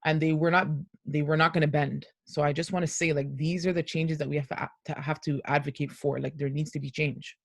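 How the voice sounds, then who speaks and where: A woman's voice: deep voice, level tone, a little fast, gravelly, slightly rough, no room sound, clean studio sound. A middle-aged woman speaking earnestly as a parent on a panel discussion, over a video call. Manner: earnest, heartfelt.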